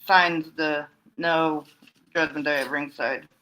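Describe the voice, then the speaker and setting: Rambling bright-voiced man recapping. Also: fairly high pitch, steady tone, slow pace, low-quality recording. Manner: rambling with frequent restarts and quoted voices. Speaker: wrestling fan recapping storylines. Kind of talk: casual solo recap.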